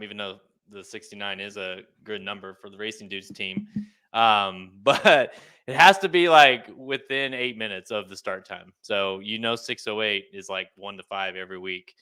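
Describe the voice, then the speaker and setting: A man's voice: lowish voice, normal speed, bright, forceful tone, smooth. A man in his thirties co-hosting a podcast, talking loosely and laughing often. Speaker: podcast co-host. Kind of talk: casual chat.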